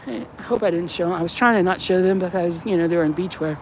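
Walking around the grounds outside a church building, a woman films a vlog, chatting casually with a slight Southern drawl. She rambles and breaks into mock-officious announcements, her lowish voice fast over slight background noise.

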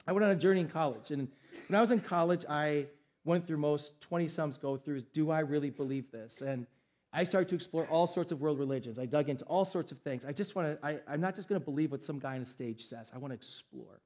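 Young pastor guy preaching, emphatic and chatty, voice a bit on the high side. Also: quick pace, a little mellow. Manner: emphatic, conversational preaching with shifting pace. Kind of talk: sermon.

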